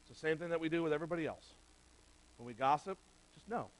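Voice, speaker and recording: Speaking fast in a fairly high voice, a middle-aged pastor delivers a sermon in a church sanctuary, though the audio is poor. He keeps it conversational and talks directly to the men present.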